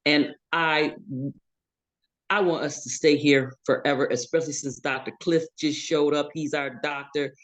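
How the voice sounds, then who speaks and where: A woman's voice: deep voice, fairly even intonation, normal speed. A woman hosting a live event, making brief, welcoming remarks. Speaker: event host.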